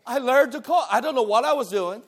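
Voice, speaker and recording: A man from Taiwan, teaching a lively church lesson, talking back and forth with the class and laughing often. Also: very high voice, a little fast, slight background noise.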